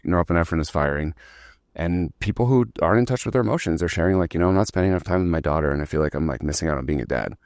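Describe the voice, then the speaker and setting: A man's voice: deep voice, a little mellow, no echo, clean studio sound. A man, telling his startup story as a podcast guest in a rambling, casual way, full of "like" and the odd swear word.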